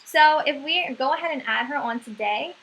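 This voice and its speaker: A woman's voice: sits high, normal speed, background noise. A woman giving a staff sales training talk, coaching and often checking in with "right?".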